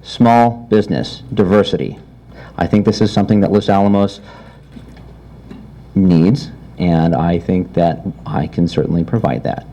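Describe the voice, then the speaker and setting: A man with a low, mellow voice gives a council candidate's closing statement. He speaks in a friendly, self-deprecating way. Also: unhurried.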